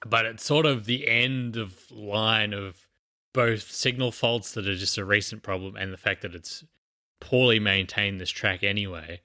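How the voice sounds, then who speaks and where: A man's voice: lowish voice, fairly even intonation, a little slow, pushed and bright. A man co-hosting a podcast, explaining a news story in casual chat with many fillers and restarts. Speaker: podcast co-host.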